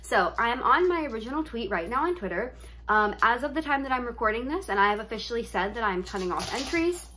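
Talking fast and animatedly, this young gaming vlogger has a slightly high, somewhat bright voice, with a little hiss or hum in the recording. She rambles chattily over her gameplay, full of fillers and constant "like".

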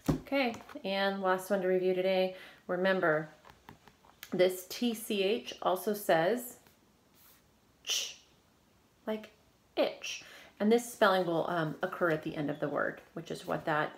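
A woman teaching a phonics reading lesson to children, prompting and praising in a slow, clear, encouraging way. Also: fairly low pitch, a little hiss or hum.

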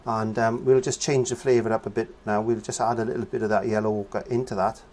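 A man's voice: lowish voice, little pitch movement, fairly quick, a little mellow. A man giving a casual painting lesson, chatting as he works and humming nonsense syllables while he paints. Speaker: painting teacher.

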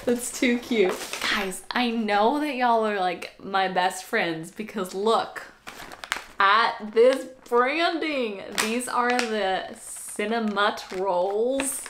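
A young woman YouTuber films an excited unboxing vlog, chatting, gushing and squealing over cute items. Her voice is a little high with drawn-out words, recorded in an echoey room with a noisy background.

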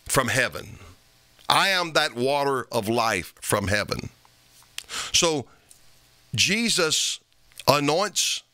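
A male pastor preaching a sermon, reading scripture aloud in old-fashioned wording and punching repeated phrases with sharp rises. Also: mid-range voice, clean tone, dry recording.

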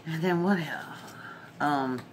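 A woman hosting a casual crafting vlog, gushing warmly and laughing as she opens mail. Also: sits low, slow, a little hiss or hum. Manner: effusive, gushing, laughs often. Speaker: crafting channel host.

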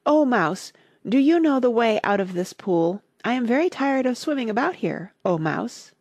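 Woman doing a chatty curious little girl, polite, breathy, lively ups and downs. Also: on the high side, dry recording, pitched above the performer's own voice. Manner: eager, rambling, quick to apologize.

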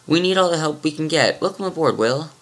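A man's voice: fairly high pitch, animated, fairly quick, voice pushed up. A man voicing a firm young swordswoman who leads a small band, speaking steadily and carefully. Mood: earnest. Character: spirited young swordswoman leader, calm and firm.

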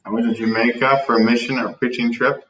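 A young man answering interview questions, halting and restarting mid-sentence. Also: medium pitch, little pitch movement, fairly bright tone, slight background noise. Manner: halting, with restarts and broken-off words. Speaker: interview guest. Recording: distant, dull lo-fi recording.

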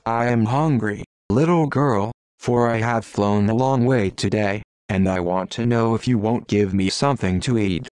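A man's voice: fairly low pitch, moderate pace, few pauses, darkish tone, clear, resonant tone, dry recording, natural voice. A man voicing a vain, hungry male jackdaw in a storybook, boastful and scornful. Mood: wheedling.

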